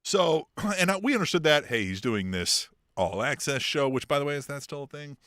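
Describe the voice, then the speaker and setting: A man co-hosting a podcast, chatting casually about wrestling, swearing freely and laughing between points. His voice sits somewhat high and swings widely in pitch. It has a bright, forceful edge, recorded close and dry. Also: normal speed, no room sound. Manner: profane, animated, laughs often while talking. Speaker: podcast co-host.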